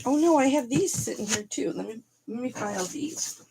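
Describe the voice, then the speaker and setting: A woman hosting a casual live selling stream, hoarse and raspy, chatty and a bit raunchy as she reads off names. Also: on the high side, animated, moderate pace, background noise. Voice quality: raspy throat. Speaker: live-sale host.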